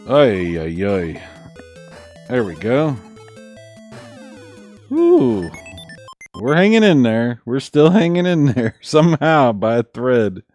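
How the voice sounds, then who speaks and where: A man's voice: medium pitch, sing-song, slow pace, pauses often, darkish tone. A middle-aged man streaming a game in casual chat, laid-back and chuckling at himself. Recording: faint game music behind.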